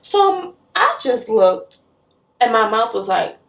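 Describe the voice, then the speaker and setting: A young woman from West Africa who works as a nurse, telling a story casually, animated, with frequent laughs and fillers. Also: a little high, a little slow, gravelly, roomy sound, recorded from a distance. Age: young adult.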